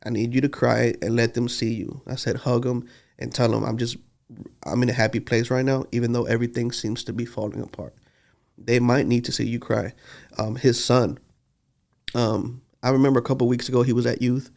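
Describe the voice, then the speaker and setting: A man's voice: medium pitch, little pitch movement, a little fast, creaky, darkish tone. A man, telling heartfelt stories in a casual podcast conversation. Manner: earnest, heartfelt storytelling. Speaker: podcast co-host.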